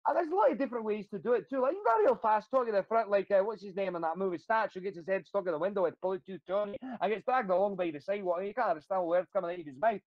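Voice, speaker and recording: A man who does stand-up comedy talks through his act in a relaxed, rambling way, his voice sitting a little high for a man. The sound is dry and a bit dull, with no room around it. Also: very fast, few pauses, dry recording. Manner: animated storyteller, rambling with fillers. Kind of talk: casual interview chat.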